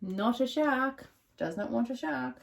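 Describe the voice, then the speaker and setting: Animated woman reading to children. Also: high voice, measured pace, gravelly. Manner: animated, asks the listening children questions. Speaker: children's storyteller. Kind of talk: reading picture books aloud to children.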